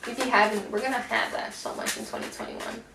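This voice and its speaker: A woman's voice: on the high side, big pitch swings, fast, vocal fry. A woman giving a casual pick-a-card tarot reading, chatty and slangy, swearing and calling the listener baby. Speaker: tarot reader. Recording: echoey room, distant mic, faint noise.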